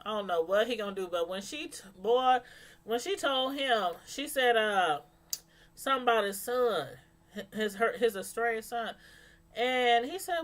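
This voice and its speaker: Reviewing a TV episode live, this woman laughs a lot and responds to the chat in a relaxed, conversational way. Her voice is fairly high, sing-song and a bit bright, and she speaks a little slowly.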